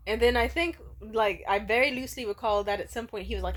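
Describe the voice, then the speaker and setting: A young woman tells a candid story to her camera, swearing freely and breaking into laughter. Her voice is bright and sharp, pitched a little high, and her storytelling is casual and unfiltered. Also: big pitch swings, normal speed. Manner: candid, profane, laughing often. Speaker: vlogger.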